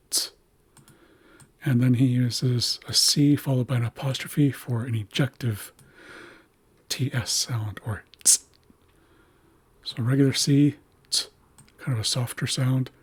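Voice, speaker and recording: A man teaching a language's writing system, slowly explaining letters and repeating words to model their pronunciation. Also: medium pitch, slightly rough.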